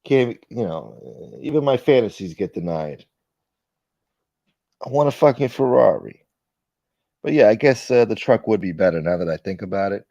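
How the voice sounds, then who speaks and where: New guy chatting on his livestream, swears a lot, rambles, lowish voice, kinda dull muffled audio. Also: animated, normal speed, vocal fry, pauses often, warm tone, dry recording. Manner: profane, rambling, reads chat aloud, acts out quoted friends. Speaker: livestream host. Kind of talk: casual livestream chat reading viewer comments.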